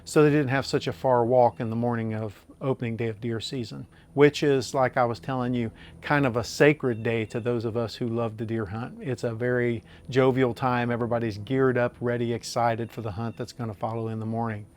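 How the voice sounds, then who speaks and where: A man's voice: mid-range voice, fairly even intonation, fairly quick, few pauses. An older man, telling a long story in an interview, earnest and drawn out, with many fillers. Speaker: landowner interviewee.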